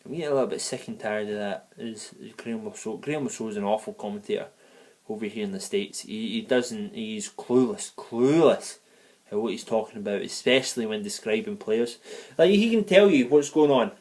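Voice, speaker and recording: Fairly low in pitch and a little mellow, the man speaks a bit fast. He lives in the United States and records a ranting football match review for a fan vlog, profane, heated and full of digressions.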